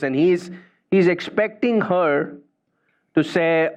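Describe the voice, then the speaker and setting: A man's voice: fairly high pitch, slow, pauses often. A man giving a spiritual talk, telling a story in a conversational way and often tagging phrases with "you know" and "right". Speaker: spiritual speaker. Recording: dull lo-fi recording.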